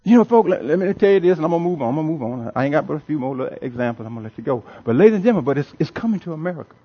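A man's voice: a little high, expressive, very fast, slightly rough, dull audio. A male pastor preaching a sermon to a congregation in a church. He preaches with emphasis, repeats phrases, and chuckles often.

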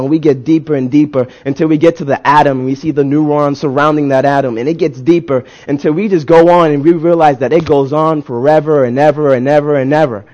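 A man's voice: fairly high pitch, a little mellow, dull audio. Fervent male preacher building to emphatic peaks. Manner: rising to emphatic peaks, call-and-response with the congregation; repeats and restarts words, builds intensity. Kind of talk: sermon.

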